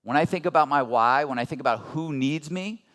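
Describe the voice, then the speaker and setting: A slightly high, fairly bright voice, a little fast, belongs to a man in his thirties giving a motivational seminar talk for business. Earnest and conversational, he keeps asking the audience rhetorical questions.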